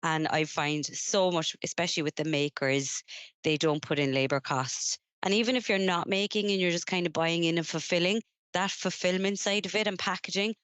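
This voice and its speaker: Smooth-voiced woman giving business tips. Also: on the low side, normal speed, a bit bright, no echo. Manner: practical advice-giving, fillers and repeats. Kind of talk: casual business chat.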